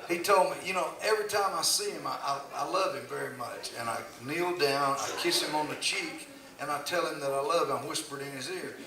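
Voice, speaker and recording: A man's voice: fairly high pitch, brisk, hardly any pauses, a crowd in the background. Older man, folksy storyteller, laughing, echoey distant live recording. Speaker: country singer telling stories on stage. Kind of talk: casual storytelling.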